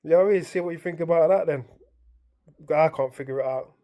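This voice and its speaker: A woman's voice: sits low, fast, mellow. A woman, rambling through a casual story to camera, full of fillers and repeated phrases. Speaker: vlogger.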